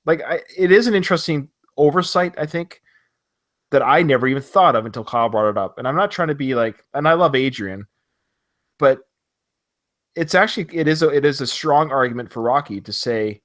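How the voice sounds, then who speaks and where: A man's voice: a little high, a little fast. Chatty man retelling a boxing movie. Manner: animated, quotes movie lines in retelling. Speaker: podcast co-host. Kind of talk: casual film discussion. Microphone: remote call.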